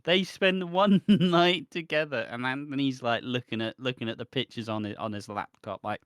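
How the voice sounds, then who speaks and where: A man's voice: medium pitch, fairly bright tone, smooth, dry recording, clean studio sound. Mocking man bantering on a podcast. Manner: mocking, swearing, quick banter. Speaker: podcast co-host. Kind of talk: casual chat.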